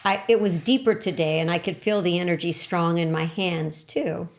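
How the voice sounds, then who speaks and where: A woman's voice: fairly low pitch, fairly even intonation, normal speed. A woman co-hosting a qigong session, explaining things in a chatty, casual way with fillers. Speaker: co-host.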